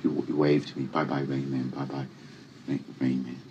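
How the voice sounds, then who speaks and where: An actor playing a grown man who speaks in a monotone and recites dates and numbers exactly. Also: very deep voice, normal speed, a little hiss or hum. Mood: flat reciting. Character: adult man with a flat, fact-reciting way of speaking. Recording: dull lo-fi film audio.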